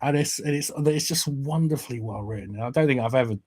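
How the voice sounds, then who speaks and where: A man co-hosting a casual podcast chat, retelling scenes in an animated way and laughing as he quotes the lines. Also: mid-range voice, fast, slightly rough. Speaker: podcast co-host.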